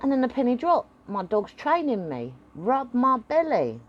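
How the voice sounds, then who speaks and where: Chatty woman with a lively voice. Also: on the high side, moderate pace, highs cut off. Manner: chatty, rambling, acts out voices. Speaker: dog owner giving advice. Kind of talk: casual chat to camera.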